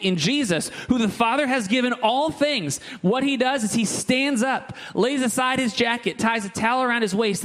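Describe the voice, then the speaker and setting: A man's voice: sits high, a bit bright. A young adult man preaching a sermon in a church, moving from earnest teaching to joking asides with the congregation. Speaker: pastor. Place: church sanctuary.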